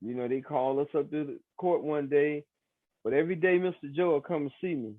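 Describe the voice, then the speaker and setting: A man, recounting his story in an interview, animated, acting out the voices of other people. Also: on the high side, fairly quick, dry recording. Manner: animated, acts out quoted voices, many fillers. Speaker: exoneree interviewee. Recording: tinny phone-like sound.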